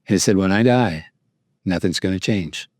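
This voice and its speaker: Low-voiced priest telling a rambling story. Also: male voice, moderate pace, darkish tone, no room sound. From United States. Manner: rambling and anecdotal with frequent fillers and restarts. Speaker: priest and guest speaker. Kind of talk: storytelling talk at a luncheon.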